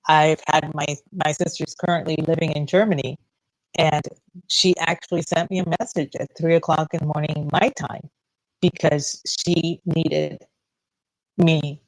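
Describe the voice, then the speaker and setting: A woman's voice: deep voice, steady tone, unhurried, no echo, low-quality recording. A woman in her fifties co-hosting a casual radio chat show, talking freely and bluntly with frequent laughs, recorded in a radio studio. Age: 50s. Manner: chatty, laughs often, blunt. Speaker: radio co-host.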